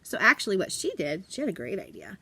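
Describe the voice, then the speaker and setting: A woman's voice: mid-range voice, wildly swooping pitch, fast, bright, forceful tone, husky. A woman who teaches elementary school, chatting casually in a vlog from her classroom desk. She talks in a bubbly, chatty way and giggles often.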